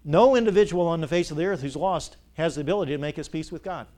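A man preaching with a fairly high voice that swings from soft, low asides to loud, ringing peaks. He repeats key lines and tosses rhetorical questions at his listeners as their pastor. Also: fast talker. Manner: big swings between loud peaks and quiet drops. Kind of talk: sermon.

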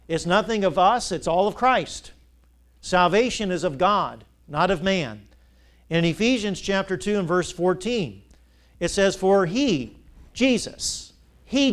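A man preaching a sermon as pastor, asking rhetorical questions and repeating key lines, his voice rising to loud peaks and dropping low. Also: lively intonation, measured pace. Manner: big swings between loud peaks and quiet drops.

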